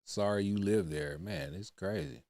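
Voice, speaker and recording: A man with a very low voice talks casually to his livestream chat, blunt and heavy on profanity, ending phrase after phrase with "man." The sound is dry and close, with no room around him. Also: sing-song, measured pace, vocal fry, darkish tone, dry recording. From United States. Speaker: livestream reaction host.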